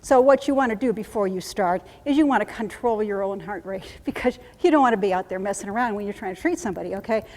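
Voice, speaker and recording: A woman trainer leading a live workshop demonstration, coaching briskly and chanting phrases in steady repetition. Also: medium pitch. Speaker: trainer teaching combat medics. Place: conference room. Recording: echoey hall from a live conference.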